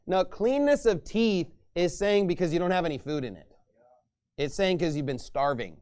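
Male pastor, high-pitched, emphatic preacher; reads scripture aloud. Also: very animated, normal speed. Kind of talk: sermon.

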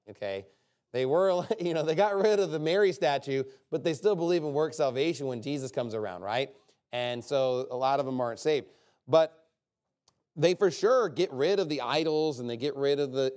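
A man preaching a sermon in a conversational, emphatic way, often checking in with "okay?" and swinging from quiet asides to loud bursts. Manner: swings from low, quiet asides to loud, high-pitched outbursts.

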